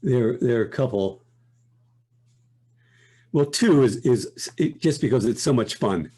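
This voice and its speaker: An older man talks as a guest in a relaxed interview, his voice mellow and a little husky. He reflects unhurriedly on his work, often breaking off mid-thought and starting again. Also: mid-range voice, measured pace. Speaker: guest voice actor. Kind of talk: casual interview chat.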